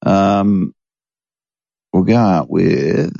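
A laid-back man hosts a casual late-night chat from home, rambling and chuckling. His voice is extremely deep, gravelly and husky, with a slow unhurried drawl. The recording is dry and a little dull. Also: dark tone, no room sound. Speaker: podcast host.

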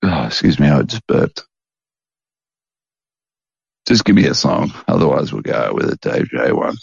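A laid-back man hosts a casual late-night chat from home, rambling and chuckling. His voice is extremely deep, gravelly and husky, with a slow unhurried drawl. The recording is dry and a little dull. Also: very animated, darkish tone, dry recording. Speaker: podcast host.

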